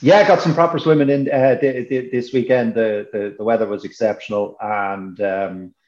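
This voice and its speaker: A man's voice: fairly low pitch, fairly even intonation, moderate pace, a little mellow. A man on a podcast panel, talking casually and stumbling over his words. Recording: muffled, roomy remote line.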